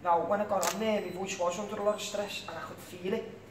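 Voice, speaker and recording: A young man with a Liverpool accent talks in a high voice, rambling and dropping "you know what I mean" all the time. He sits back from the mic in an echoey room with a faint hiss underneath. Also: fairly even intonation, fast, recorded from a distance. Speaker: interview guest, singer. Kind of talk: casual interview chat.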